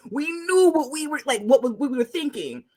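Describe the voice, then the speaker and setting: A woman co-hosting a podcast, telling stories in an animated way and laughing often. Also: sits high, moderate pace, dry recording. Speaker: podcast co-host. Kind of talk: casual chat.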